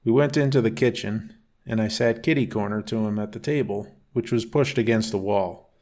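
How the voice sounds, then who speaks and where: A man narrating a first-person bedtime story in a calm, unhurried reading voice. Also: lowish voice.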